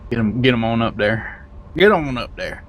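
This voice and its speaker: A man's voice: mid-range voice, lively intonation, moderate pace, lo-fi sound, a little hiss or hum, close to an everyday voice. A man playing a bossy prison guard. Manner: bossy, blustering. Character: brash male prison guard with a strange accent.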